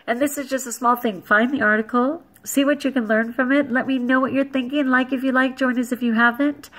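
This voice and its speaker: Animated woman vlogger, blunt and jokey, somewhat high voice. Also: a little fast, low-quality recording. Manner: animated, blunt and joking, with laughs. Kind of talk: casual vlog talk.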